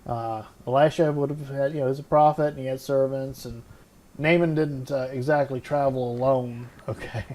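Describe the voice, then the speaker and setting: Bible-study host, male, mid-pitched, unpolished and thinking out loud between verses. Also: fairly even intonation, normal speed. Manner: reads scripture aloud, then muses with many fillers and restarts; admits unsure pronunciations. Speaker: podcast host. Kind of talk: casual Bible study talk.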